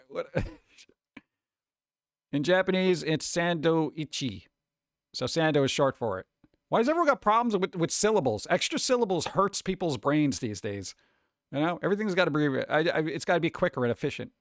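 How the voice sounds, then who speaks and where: A man with a New York accent hosts a casual livestream and chats with his viewers. His voice sits a little high, and his remarks are sarcastic and mock-exasperated. The sound is dry and close, with almost no room in it. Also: very animated, moderate pace, pauses often, a bit bright, dry recording. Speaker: streamer host. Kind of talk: casual livestream chat reacting to chat.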